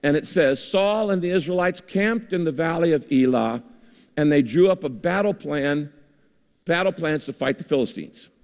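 Guy preaching a sermon, voice a bit high, long echo from a big hall. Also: moderate pace, creaky. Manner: lively preaching with rhetorical questions. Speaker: pastor.

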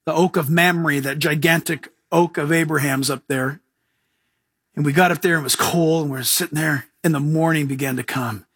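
A man preaching a casual, animated sermon as a pastor, joking and acting out quoted voices. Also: sits high, husky, no echo, studio quality.

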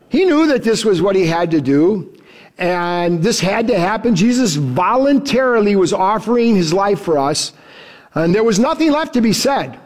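A man preaching an expository sermon. He reads the passage and acts out the quoted lines, then drops his voice for asides. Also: sits high. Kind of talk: sermon, expository Bible teaching.

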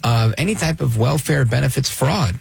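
A man's voice: mid-range voice, expressive, moderate pace, creaky, a little hiss or hum. A man hosting a talk radio show, delivering an opinionated, sardonic monologue and reacting to clips he plays.

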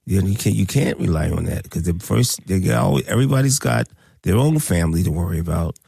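A man's voice: deep voice, expressive, quick pace, vocal fry, mellow, husky, dry recording, studio quality. A man hosting a radio talk show, speaking in a preachy, emphatic way and repeating his points.

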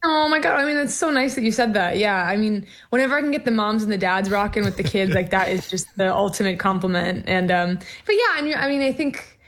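A young American woman in her twenties, a musician guest talking casually over a video call from a dark room, bubbly and gushing. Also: medium pitch, expressive, fast, slight background noise. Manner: bubbly, gushing, many likes and I mean.

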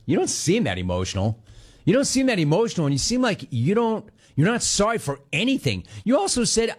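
His voice sits a little high and swoops wildly in pitch as he rants at a moderate pace on sports talk radio. The man mocks the people he's talking about, full of sarcasm, flipping from shouting to mimicry.

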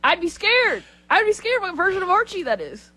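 Animated woman co-host. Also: very high-pitched, brisk, no echo. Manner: animated, emphatic storytelling. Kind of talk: casual talk show chat.

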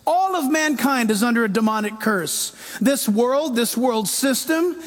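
A man pastor preaching a sermon in an animated way, acting out quoted voices. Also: very high voice.

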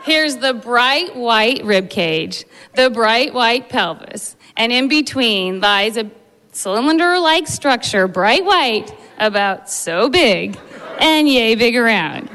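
A woman who works as an emergency medicine doctor tells a funny story, animated and laughing through it. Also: on the high side, takes it slowly, long reverb tail. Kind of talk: live storytelling.

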